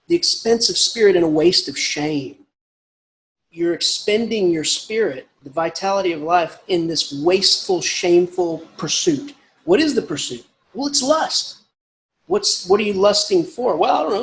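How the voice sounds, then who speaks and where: A man's voice: high-pitched, lively intonation, moderate pace, a bit bright. A man giving a casual, rambling literature lecture with emphatic asides.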